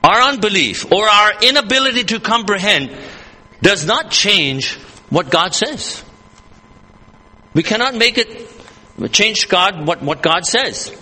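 A man's voice: high-pitched, sing-song, slow, long pauses, pushed and bright, in a large hall. A man preaching a sermon at an evening church service, earnest and emphatic, repeating and rephrasing his points as he reads scripture aloud.

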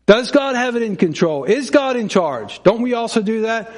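Speaking at a normal pace, a man with a very high voice and big swings in pitch delivers a sermon in a conversational manner. He acts out dialogue, chuckles frequently and keeps asking his congregation questions.

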